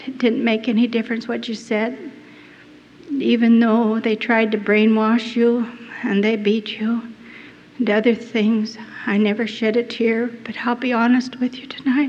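A woman's voice: high-pitched, flat delivery, measured pace, a little mellow. An older woman giving an earnest, heartfelt testimony to an audience as a missionary speaker. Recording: dull recording in a reverberant hall.

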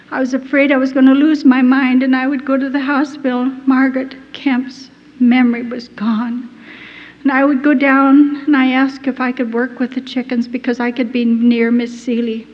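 A woman giving a personal testimony, telling her story in an earnest, halting and deeply moved way. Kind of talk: emotional first-person storytelling. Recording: dull lo-fi recording in a reverberant hall.

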